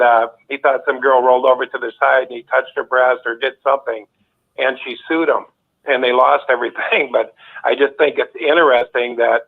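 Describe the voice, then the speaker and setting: A man's voice: mid-range voice, gravelly. A man calling in to a talk show, telling rambling stories with restarts. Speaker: caller. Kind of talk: casual chat. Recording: tinny phone line.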